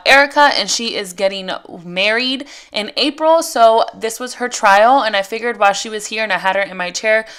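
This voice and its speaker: A woman's voice: mid-range voice, pushed and bright, clean tone. A woman makeup artist giving a casual, chatty voice-over for a tutorial, explaining each step as she works.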